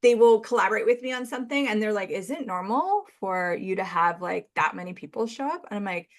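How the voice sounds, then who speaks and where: A woman's voice: medium pitch, expressive, quick pace, few pauses. A woman from Canada talking as a guest on a podcast, chatty and acting out bits of dialogue as she goes. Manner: chatty, acts out quoted dialogue, laughs often. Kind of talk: casual chat.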